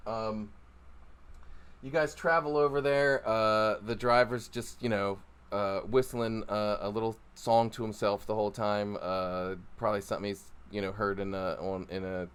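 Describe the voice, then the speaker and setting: A man narrating a tabletop game as game master, hesitant, with many pauses and restarts. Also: fairly low pitch, clear, resonant tone.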